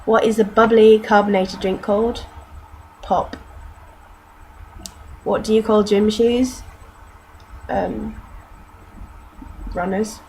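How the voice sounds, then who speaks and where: A young British woman with a patchwork accent, mostly southern English with northern and Canadian traces, talking in a relaxed, self-mocking vlog. She speaks at an unhurried, slow pace, and her voice sits at an ordinary middle pitch. A faint room hum runs underneath. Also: rough recording. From North Yorkshire, England. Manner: chatty and self-mocking, drops in mild swearing. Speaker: vlogger. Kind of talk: casual accent-challenge vlog, reading word lists aloud.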